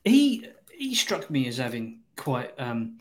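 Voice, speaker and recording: A man co-hosting a casual film chat, blunt and dry, with crude jokes and hesitant pauses. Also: mid-range voice, huge pitch swings.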